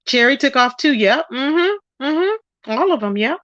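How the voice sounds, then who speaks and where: A woman hosting a casual livestream, gossiping and reading out chat comments in an animated way. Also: unhurried, dry recording, muffled recording. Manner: animated, quotes people with rising pitch. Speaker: livestream host.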